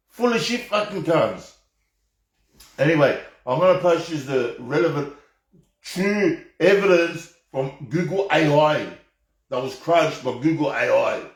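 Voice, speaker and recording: Heated, swearing Australian man, echoey. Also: on the high side. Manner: heated, rambling, heavy swearing, repeated restarts. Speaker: live stream host. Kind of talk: profane off-the-cuff rant. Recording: echoey room.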